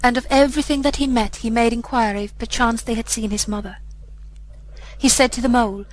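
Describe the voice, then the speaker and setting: A woman narrating a fairy tale audiobook in a measured, solemn storytelling manner. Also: fairly high pitch, poor audio.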